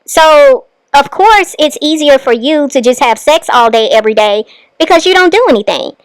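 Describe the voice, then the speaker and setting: Woman, high pitch, sarcastic, scolding commentary, dry close sound. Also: lively intonation, normal speed, dry recording. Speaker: commentary channel host. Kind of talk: reaction commentary.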